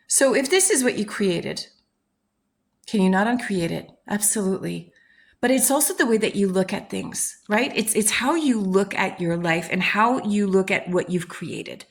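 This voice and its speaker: A woman's voice: mid-range voice, normal speed, gravelly, breathy edge. A woman hosting a self-help channel, speaking in a frank, casual motivational talk, swearing freely and acting out people's inner voices.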